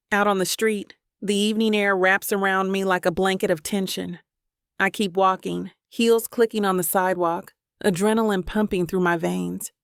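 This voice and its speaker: Woman, audiobook narrator, first-person storytelling, slow and deliberate, dry close sound. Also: mid-range voice, smooth, dry recording.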